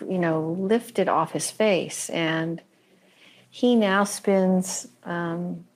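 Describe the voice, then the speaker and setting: Slow, thoughtful woman scholar. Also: fairly low pitch, darkish tone. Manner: thoughtful, halting, searching for words. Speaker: religious scholar, guest. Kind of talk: reflective conversation.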